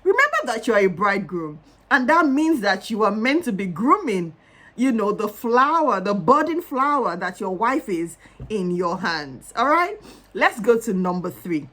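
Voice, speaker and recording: A woman's voice: mid-range voice, big pitch swings, normal speed, a bit bright. A middle-aged woman marriage counselor talking earnestly and conversationally to camera, with frequent fillers, giving advice to husbands. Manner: earnest, conversational, many "you know" fillers.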